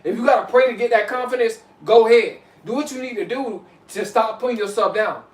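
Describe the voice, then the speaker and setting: A man with a high voice giving casual, preachy advice to his viewers and calling them y'all. He circles back to his points and keeps checking in with his listeners. He sits a little back from the mic, and the room adds a hollow echo. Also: fairly quick, distant mic. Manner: preachy, repeats "you know what I'm saying", addresses viewers as y'all. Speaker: vlogger. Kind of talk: casual motivational talk to camera.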